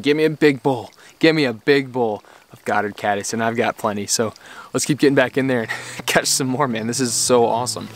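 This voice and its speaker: A man's voice: medium pitch, slight background noise. A man, exclaiming and laughing as he narrates his fly fishing outdoors by a creek. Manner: excitable, exclaiming, laughing often. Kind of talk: excited outdoor vlog commentary.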